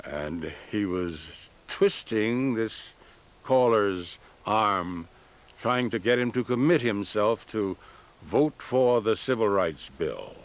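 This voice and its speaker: A man recalling events in an interview, telling the story slowly and vividly. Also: fairly low pitch, lively intonation.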